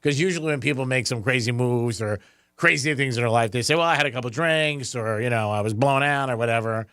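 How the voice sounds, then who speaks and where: A man's voice: mid-range voice, quick pace, bright, forceful tone, clear, resonant tone, no room sound, studio quality. A middle-aged man on a radio show, telling rambling, self-mocking stories and laughing often. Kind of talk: casual radio banter.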